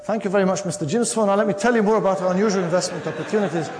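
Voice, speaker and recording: A man's voice: sits high, racing, a crowd in the background, lightly acted. A man voicing an automated telemarketer reciting investment sales patter. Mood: salesy. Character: smooth pushy male investment telemarketer. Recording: long reverb of a lecture hall.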